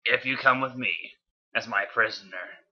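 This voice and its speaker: A man voicing a menacing male robot warlord, trying for a deep throaty villain voice, on a dull lo-fi home recording. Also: moderate pace, bright, forceful tone, husky, full character voice.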